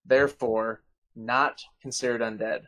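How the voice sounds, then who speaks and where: Casting: unhurried, teasing game master man narrating a tabletop session. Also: mid-range voice, steady tone, bright, forceful tone. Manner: playful, laughs at his own twists.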